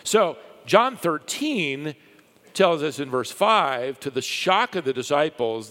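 A man preaching a sermon, telling stories with lively rises and a hushed drop for the quiet parts. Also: sits high. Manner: lively storytelling, dropping to a hush for quiet lines. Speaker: pastor. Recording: long hall reverb.

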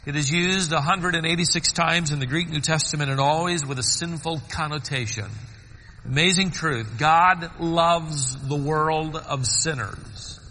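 A man preaching a sermon, swinging between soaring emphatic peaks and quiet low asides. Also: measured pace, in a large hall, a little hiss or hum, poor audio.

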